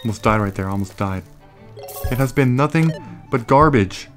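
A young man talks through a let's play at a mid pitch, rambling into a rant and breaking off to shout at the game. His desktop mic crackles and pops now and then. Faint game music plays underneath. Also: animated, normal speed. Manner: rambling, ranting, frequent exclamations at the game. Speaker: gaming YouTuber. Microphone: desktop USB microphone. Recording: crackling, popping home mic.

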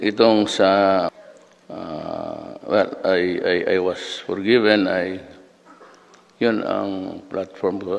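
Slow, rambling old Filipino man. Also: fairly low pitch, vocal fry. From Philippines. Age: 70s. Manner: halting, digressive storytelling. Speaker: speaker at a graduation. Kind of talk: rambling anecdotal speech. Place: large hall. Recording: echoey hall.

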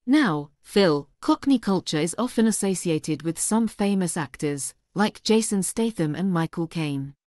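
A woman's voice: lowish voice, lively intonation, measured pace, few pauses, darkish tone, dry recording. Polite woman host, dry close sound. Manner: polite, encouraging questions. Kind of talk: interviewing in an English lesson.

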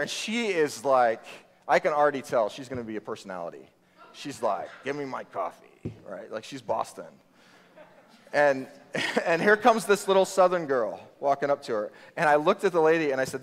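A man preaching a sermon as pastor, talking conversationally and telling stories with quoted voices. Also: medium pitch. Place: church hall. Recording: long reverb of a church hall.

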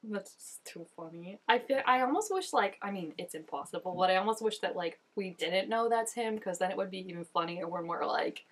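A woman's voice: mid-range voice, fairly quick, few pauses, fairly bright tone. A young woman giving casual reaction commentary, chatty and full of "like" fillers. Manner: chatty, filler-heavy with constant "like". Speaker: reaction video host.

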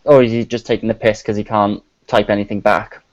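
A man's voice: lowish voice, little pitch movement, a little fast, no echo. A man with a Welsh accent, a guest on a live-streamed chat, laid back with dry humour. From South Wales. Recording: dull lo-fi mic.

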